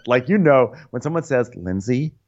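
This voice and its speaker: A man recapping reality TV with wry asides and frequent laughter, his pitch rising and falling in a lively way. The recording sounds a little dull and lo-fi. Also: fairly quick. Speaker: podcast co-host.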